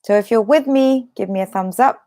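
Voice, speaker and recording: A woman's voice: on the high side, fairly quick, dark tone. A woman with an American accent teaching an online English lesson, talking straight to the viewer in a chatty way. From Britain.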